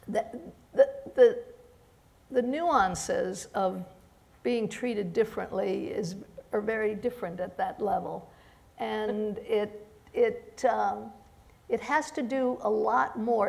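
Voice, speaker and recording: A woman judge speaking on a panel, halting with many restarts and fillers, who came to the country as an immigrant. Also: mid-range voice, creaky. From immigrant to the United States. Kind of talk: panel discussion.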